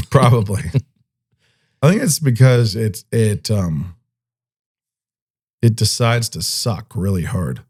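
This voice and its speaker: A man's voice: lowish voice, expressive, slow, pauses often, a little mellow, slightly rough. A man co-hosting a podcast in casual chat, playful, joking with goofy sound effects and frequent laughs. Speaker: podcast co-host.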